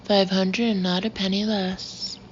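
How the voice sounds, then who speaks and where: A man's voice: high-pitched, little pitch movement, measured pace, highs cut off, a little hiss or hum. A woman reading an audiobook voices a suspicious husband who haggles.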